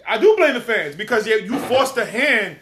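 A man's voice: extremely high pitch, big pitch swings, moderate pace, a bit bright. A man hosting a casual podcast, talking bluntly and ranting with a lot of swearing. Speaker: podcast host.

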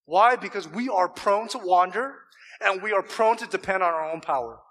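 A man's voice: high-pitched, normal speed, fairly bright tone. A man preaching a sermon to a church congregation, emphatic and full of rhetorical questions. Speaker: pastor.

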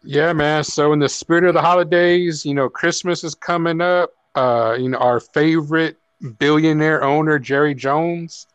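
A man's voice: fairly high pitch, fairly even intonation, moderate pace, few pauses, smooth, no echo. Man with a dry, close-mic voice. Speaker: podcast panelist. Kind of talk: casual sports chat.

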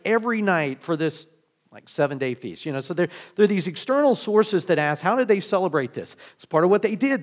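A man delivering a sermon with a somewhat high-pitched voice. He talks conversationally, piles up rhetorical questions and restarts his phrases as he works through his points. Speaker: pastor.

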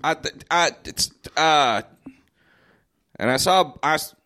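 A man's voice: fairly high pitch, animated, slow, sharp tone. A young man in casual podcast banter, joking around and stammering as he riffs.

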